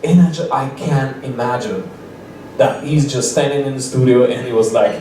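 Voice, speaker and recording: A man's voice: medium pitch, normal speed, warm tone. A young man doing rambling stand-up storytelling at an open mic, restarting sentences and laughing often. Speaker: stand-up comedian. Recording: echoey room, mic far off.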